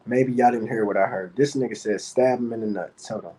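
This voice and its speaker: A man with a voice of middling pitch, hosting a casual commentary stream. He talks in an animated, heavily profane way, breaking into laughter as he tells stories. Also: a little fast, husky, low-quality recording. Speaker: show host.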